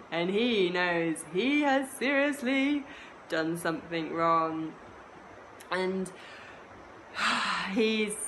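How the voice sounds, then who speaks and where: Slow, expressive woman storyteller. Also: lowish voice, slight background noise, low-quality recording. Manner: unhurried and expressive, with soft laughs and asides. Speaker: kirtan and voice teacher. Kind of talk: storytelling a myth.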